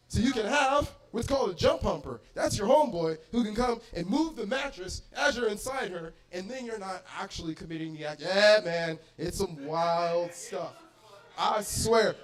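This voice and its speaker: Man, young adult, stand-up comic, high-pitched, animated delivery, bar show. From Arizona. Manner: animated, loud bursts and acted-out voices. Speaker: stand-up comedian. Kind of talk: stand-up comedy set. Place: bar comedy stage.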